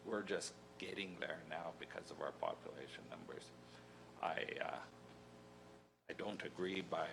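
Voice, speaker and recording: A county councillor talks in a low voice, folksy and reasoning aloud. He makes his case in a council meeting. A faint hum runs behind him. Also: creaky.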